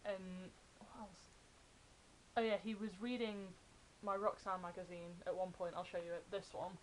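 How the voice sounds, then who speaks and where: A young adult woman, excitedly telling fan stories in a casual vlog. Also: medium pitch, moderate pace, slight background noise, poor audio. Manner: chatty, excited retelling of fan anecdotes. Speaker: vlogger.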